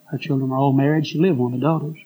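Husky, dark-voiced man preaching a sermon. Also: mid-range voice, fairly even intonation, rapid-fire, low-quality recording. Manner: earnest, repetitive storytelling with folksy phrasing. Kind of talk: sermon storytelling.

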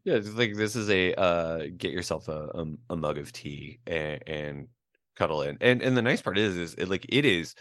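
A podcast co-host casually chats about a film, full of fillers and restarts. His voice is low and expressive, a bit bright, at a normal speed. The sound is clean studio quality with no echo.

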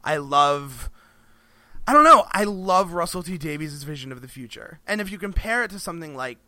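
This podcast co-host has a fairly high, bright male voice with a forceful tone and a brisk pace, captured in a dry recording. His casual chat rambles, restarting often, with laughs slipping in between phrases.

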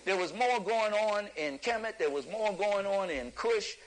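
A man giving an impassioned lecture to an audience, preacherly and emphatic, rising at times to a shout and chuckling through his points. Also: high voice, expressive, unhurried, poor audio.

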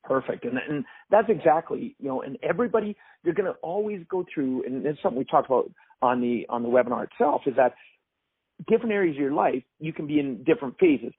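Lively host on a tinny phone line. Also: male voice, on the high side, fast talker, slightly rough, no room sound. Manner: enthusiastic, sums up and poses questions. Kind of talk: casual interview talk.

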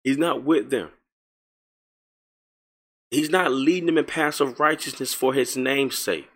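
A man leading an informal Bible study, emphatic and repetitive, slowing down to read verses aloud. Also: medium pitch. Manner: emphatic, repeats phrases, reads verses slowly. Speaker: Bible teacher.

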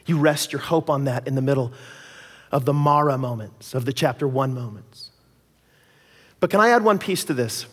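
A male pastor telling a personal story in a sermon, animated and acting out the people in it. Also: medium pitch, moderate pace, long pauses, slightly rough. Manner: animated storytelling, acts out quoted voices. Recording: reverberant church hall.

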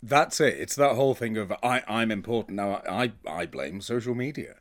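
A man talks casually on a podcast and states firm opinions with emphasis. His voice is of middling pitch but very animated in its rise and fall. He often restarts his words mid-thought. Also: brisk. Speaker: podcast co-host. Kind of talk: casual chat.

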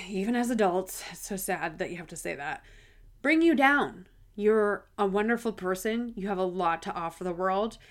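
A woman's voice: medium pitch, fairly bright tone. A woman, hosting a casual solo podcast, candid and blunt, swearing freely and laughing often. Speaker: podcast host.

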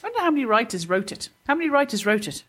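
A woman's voice: a little high, sing-song, rapid-fire, a bit bright. A woman co-hosting a casual comedy podcast, cutting in with sarcastic, teasing remarks. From Britain. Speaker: podcast co-host.

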